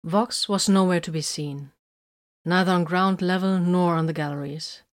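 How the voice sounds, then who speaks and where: Low-voiced woman narrating an audiobook. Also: moderate pace.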